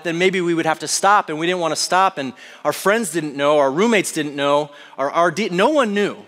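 A man's voice: a little high, fairly bright tone. Confessional man speaking in a reverberant hall. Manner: earnest, confessional, hesitant at times. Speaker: speaker sharing a personal testimony. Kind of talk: personal testimony to an audience.

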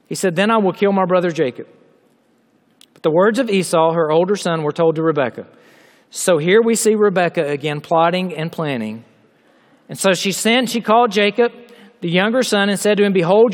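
A man preaching a sermon in a large hall, reading scripture aloud and explaining it with emphatic, drawn-out delivery. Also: high voice. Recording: long hall reverb.

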